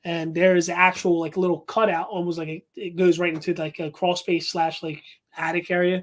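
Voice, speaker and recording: A man's voice: sits high, little pitch movement, fairly quick. Rambling male paranormal investigator storyteller. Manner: rambling with many fillers and restarts. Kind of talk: casual storytelling.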